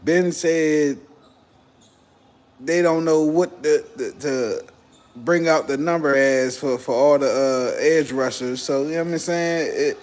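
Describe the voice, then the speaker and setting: A man's voice: a little high, slow pace, darkish tone. A young man from Texas hosting a casual livestream, joking and swearing as he banters with his chat. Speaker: livestream host.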